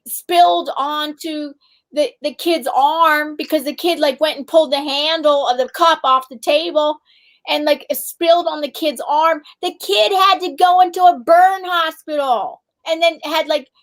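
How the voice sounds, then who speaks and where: A woman's voice: high-pitched, a little slow. A middle-aged woman hosting a livestream, chatting casually and telling rambling stories, raising her voice when heated. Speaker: livestream host. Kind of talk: casual chat.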